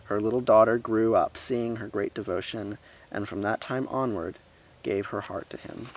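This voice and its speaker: Gravelly low-voiced man reading a story. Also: normal speed. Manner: lively reading, voicing characters, with asides.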